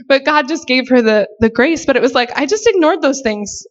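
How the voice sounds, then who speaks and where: A woman's voice: high-pitched, animated, brisk, hardly any pauses. A young woman, a missionary, giving a personal faith testimony in an earnest, emotional way with many casual fillers. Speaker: missionary sharing her testimony. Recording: dull lo-fi recording.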